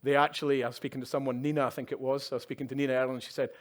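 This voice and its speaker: A man's voice: medium pitch, level tone, rapid-fire. Man giving a conversational keynote. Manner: conversational, with tag questions and wry asides. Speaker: keynote speaker. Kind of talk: conference keynote. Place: conference stage at a live event.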